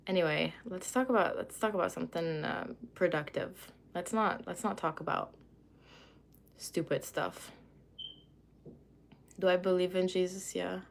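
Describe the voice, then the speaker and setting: A woman's voice: on the low side, vocal fry, a little hiss or hum. A young woman from Lebanon chatting on a livestream, rambling and losing her train of thought as she reads comments aloud. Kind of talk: casual livestream chat, reading comments.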